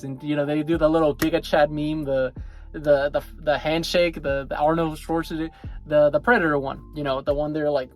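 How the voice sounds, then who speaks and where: A young man retells an anime episode in a loose, rambling way, filling every gap with fillers. His voice sits a little higher than most men's. Faint music plays underneath. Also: little pitch movement, fairly quick. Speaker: anime reviewer. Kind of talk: casual episode recap.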